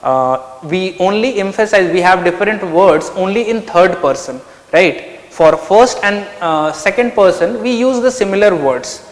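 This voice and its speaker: A man's voice: high-pitched, lively intonation, a little slow, reverberant, big-room sound. A man teaching an online lecture, explaining step by step and asking himself questions. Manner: explanatory, asks and answers his own questions. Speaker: anthropology teacher.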